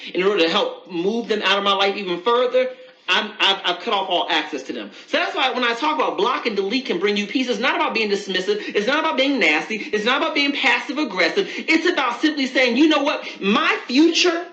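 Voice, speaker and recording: A woman's voice: on the high side, animated, a little fast, bright, forceful tone. A woman hosting an advice talk for viewers, speaking emphatically, repeating key phrases and calling the listener baby. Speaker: advice show host. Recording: echoey room, slightly dull sound.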